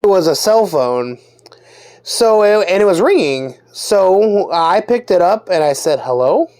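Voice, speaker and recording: A young adult vlogger telling a casual story-time tale, animated, with lively jumps in pitch. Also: unhurried.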